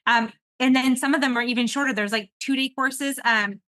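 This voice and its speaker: A woman hosting a podcast in casual chat, rambling and animated, laughing often as she talks. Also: sits high, brisk, no room sound. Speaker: podcast host.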